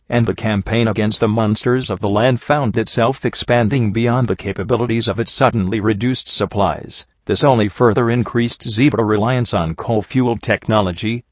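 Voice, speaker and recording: Low-voiced man narrating an audiobook. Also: no echo, highs cut off. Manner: measured, somber storytelling. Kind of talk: first-person audiobook narration.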